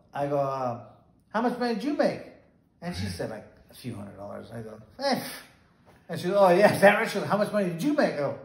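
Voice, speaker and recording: A middle-aged man, a former boxer, tells a rambling anecdote and acts out the dialogue. His voice sits a touch high. The room echoes around him. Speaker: former boxer, bail bondsman. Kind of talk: casual storytelling interview.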